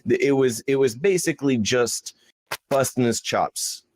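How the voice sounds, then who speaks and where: A man's voice: medium pitch, unhurried, no echo. A man co-hosting a podcast, chatting casually and rambling with frequent restarts. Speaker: podcast co-host. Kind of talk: casual chat.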